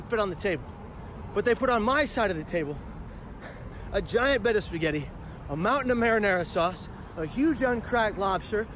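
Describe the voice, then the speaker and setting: A man speaker telling a comedic personal story in a punchy, animated way with profane asides. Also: high voice, slight background noise. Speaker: motivational speaker.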